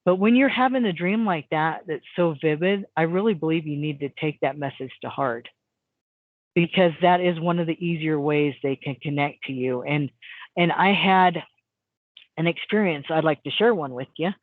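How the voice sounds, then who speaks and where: A woman who works as a hypnotist, telling a story on a call in a rambling, animated way with lots of fillers. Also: low-pitched, moderate pace, no room sound. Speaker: guest, hypnotist. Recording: tinny phone line, dry.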